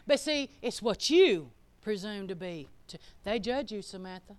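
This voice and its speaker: A woman's voice: fairly high pitch, expressive, moderate pace, smooth. A woman preaching a sermon in a folksy, conversational, emphatic way.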